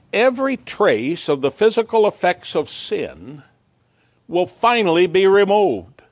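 A male pastor delivering a sermon in a fairly high voice. He speaks earnestly, building toward emphatic peaks, and sometimes breaks off into small stumbling asides. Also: no room sound. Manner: earnest preaching, rising to emphatic peaks, occasional self-interrupting asides.

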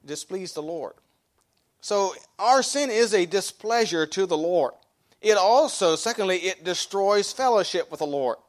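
A middle-aged male pastor preaching a sermon in a folksy way, repeating and restarting phrases and reading scripture slowly. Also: sits high, animated.

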